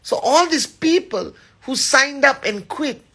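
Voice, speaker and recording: A man's voice: very high-pitched, animated, unhurried, vocal fry, bright, forceful tone. A middle-aged man giving a motivational live address as a company leader, emphatic and rallying, often checking in with "all right?".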